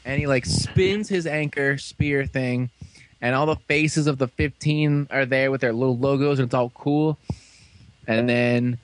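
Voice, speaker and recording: A man casually recapping an episode for friends, animated and full of fillers, slipping into quick voices for the characters. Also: mid-range voice. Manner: animated storytelling, fillers and quick acted quotes. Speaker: fan reviewer recapping an episode.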